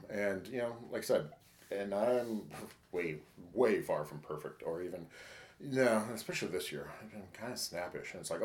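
Guy with a lowish voice, swears a lot, plays out his own thoughts, echoey room. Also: animated, a little fast. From Michigan. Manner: candid, profane, acts out his own inner dialogue. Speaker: podcast co-host. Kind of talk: casual chat. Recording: roomy echo.

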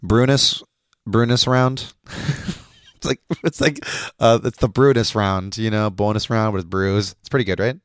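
A man's voice: on the low side, fairly even intonation, measured pace, smooth, no room sound. A man co-hosting a casual beer-tasting podcast in a studio, cracking puns and laughing often. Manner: jokey, punning, laughs often. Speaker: podcast co-host. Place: recording studio.

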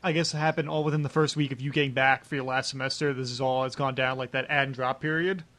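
Young male podcast host, relaxed questions. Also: mid-range voice, fast talker. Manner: relaxed, asks follow-up questions. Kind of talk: casual interview.

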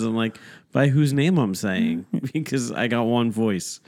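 A man's voice: mid-range voice, sing-song, slow, a little mellow. A man in his thirties, a father, co-hosting a podcast and telling stories in a laid-back, self-deprecating way. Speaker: podcast co-host. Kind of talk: casual chat.

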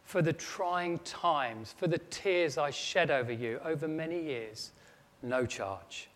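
A man speaking as a loving mother, soft, slow and heartfelt. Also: fairly high pitch, expressive. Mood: tender. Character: tender loving mother answering her son. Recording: long echo of a large hall.

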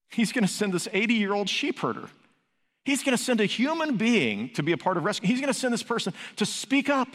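A man's voice: high voice, a bit bright. A man preaching a sermon as pastor, emphatic, building to raised peaks and asking rhetorical questions. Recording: long hall reverb.

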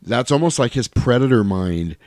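A man's voice: mid-range voice, moderate pace, dry recording, clean studio sound. A man in casual podcast chat, retelling a film scene by scene and acting out quoted lines. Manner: animated storyteller, acts out quoted lines. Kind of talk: casual movie recap chat.

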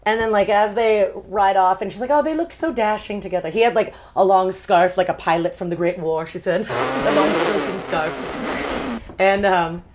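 A woman's voice: on the low side, fairly even intonation, measured pace, slight background noise. A woman in casual chat, retelling a story and acting out the characters in quoted voices. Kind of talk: casual podcast chat recapping a novel.

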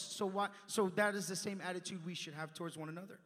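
A young man preaching with a high, bright, ringing voice that jumps from loud emphasis down to quiet asides. His sermon carries a long reverb off the church walls. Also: fast, hardly any pauses. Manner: animated, swings from loud emphasis to hushed asides. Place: church sanctuary.

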